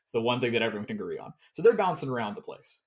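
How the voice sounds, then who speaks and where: A man running a tabletop game as game master, explaining the scene in a calm, measured way. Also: mid-range voice. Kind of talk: tabletop game role-play.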